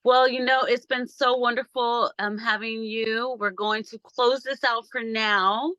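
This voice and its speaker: A woman's voice: fairly high pitch, a little slow, dry recording, highs cut off. A woman hosting a casual video-call conversation from a small backyard shed, telling stories animatedly and acting out the voices in them. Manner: animated storyteller, acts out quoted voices. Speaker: podcast host.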